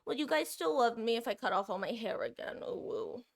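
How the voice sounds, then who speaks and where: A woman's voice: fairly high pitch, expressive, quick pace. A woman streamer chatting casually and rambling to her live chat, self-deprecating, with lots of fillers. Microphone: desk mic, monitoring own audio.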